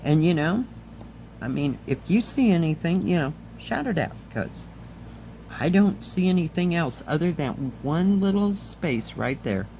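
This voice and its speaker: A middle-aged woman, slightly hoarse, chatting casually as she reviews craft kits and handles them on camera. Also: deep voice, animated, unhurried, dark tone, slight background noise. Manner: chatty, enthusiastic, talks while handling items. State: slightly hoarse, losing her voice. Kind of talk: casual chat.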